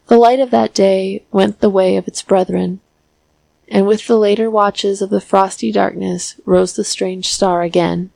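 A woman reading a classic story aloud as an audiobook narrator, in a measured, steady, phrase-by-phrase delivery. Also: mid-range voice, creaky, no room sound, low-quality recording.

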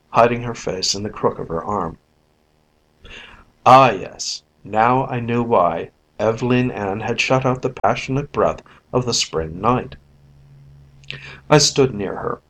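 A man narrating a story in an even, measured audiobook reading. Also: medium pitch, rough recording. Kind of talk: scripted narration.

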